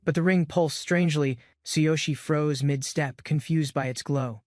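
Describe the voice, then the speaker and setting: A man's voice: on the high side, fairly even intonation, a little slow, darkish tone, dry recording. Man narrating a comic recap, dry sound.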